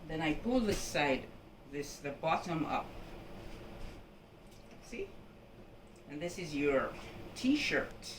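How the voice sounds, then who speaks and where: A woman from Jamaica gives an unhurried, instructive housekeeping demonstration and keeps checking in with her viewer. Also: deep voice, sing-song. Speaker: housekeeping vlogger. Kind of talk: home laundry-folding demonstration. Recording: echoey room, voice from a distance, background noise.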